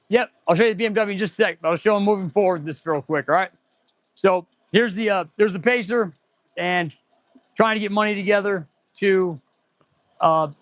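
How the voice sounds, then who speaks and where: A man's voice: high-pitched, no echo. A man in his forties, an auto mechanic hosting a casual livestream, rambling and answering viewer chat as he goes. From United States.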